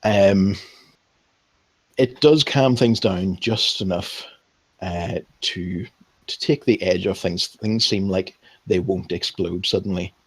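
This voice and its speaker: Slow, husky-voiced young man running a game. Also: low voice. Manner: hesitant, many ums and restarts while describing scenes. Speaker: game master. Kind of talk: narrating a tabletop game.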